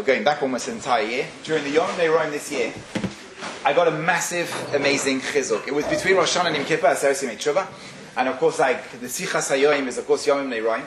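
A man's voice: fairly high pitch, expressive, quick pace. A man giving a religious talk, telling a story animatedly with frequent fillers, in a roomy recording. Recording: roomy with faint hiss.

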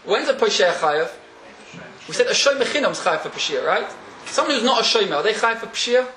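A man's voice: high voice, big pitch swings, fast talker, pushed and bright, a little hiss or hum. A man teaching a Talmud class in a classroom, often questioning his students and laughing as he explains. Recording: echoey room.

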